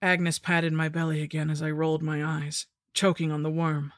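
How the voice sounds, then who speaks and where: Woman narrating horror, flat and steady. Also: low voice, dry recording, studio quality. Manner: steady, measured first-person telling.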